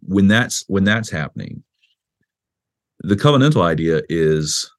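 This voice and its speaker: A man's voice: deep voice, measured pace. A man, a pastor and author, explaining his views in a podcast interview in a conversational way, often restarting and acting out quotes in a raised voice. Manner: animated, acts out quoted speech with a raised voice; conversational with frequent restarts and "you know".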